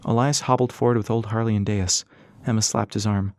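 A man narrating an audiobook in a steady, even manner. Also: fairly low pitch, a little fast, no room sound, studio quality. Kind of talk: scripted narration.

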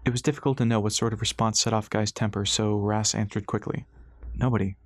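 Low-voiced male audiobook narrator. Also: flat delivery, fast talker, no room sound, clean studio sound. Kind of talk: scripted narration.

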